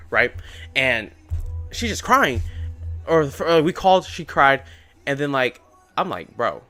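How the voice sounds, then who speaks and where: The voice is a young man's, on the high side and pushed and bright. He's live-streaming day trading and chatting in loose, slangy rambles that keep landing on "bro," while faint music plays.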